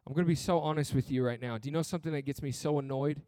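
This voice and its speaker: A man's voice: on the high side, racing, mellow, no room sound, studio quality. A man preaching a sermon as pastor, earnest and blunt, with touches of humor and repeated phrases.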